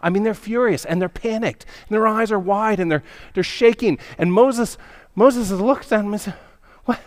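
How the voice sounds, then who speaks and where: A male pastor with a fairly high voice tells a story to his congregation in a church. He talks in a loose, conversational way and keeps checking in with the room. His delivery is animated and full of small asides. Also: moderate pace. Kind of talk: storytelling sermon. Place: church sanctuary.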